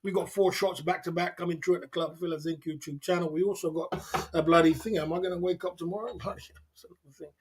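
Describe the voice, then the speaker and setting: A man's voice: sits high, fairly even intonation, fast, breathy edge. A man hosting a late-night livestream chat, tipsy from drinking, hyped up, laughing often and repeating catchphrases. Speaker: livestream host.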